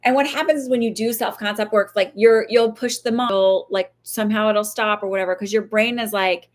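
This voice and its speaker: A woman's voice: mid-range voice, a little fast, hardly any pauses. A woman psychic medium giving casual advice, chatty and rambling, who swears and laughs easily and acts out little voices. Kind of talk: casual live-stream advice talk.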